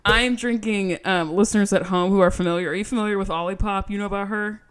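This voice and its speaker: A woman's voice: mid-range voice, fairly even intonation, fast, clear, resonant tone. A young adult woman hosting a podcast, chatting casually with profane, teasing banter and frequent laughter. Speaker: podcast host. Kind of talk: casual chat.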